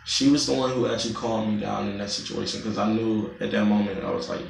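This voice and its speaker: A young man vlogging, telling a long, profane story in an animated, casual way. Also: fairly low pitch, fast talker, creaky, few pauses, slight background noise. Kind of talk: storytime vlog. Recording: roomy, distant mic.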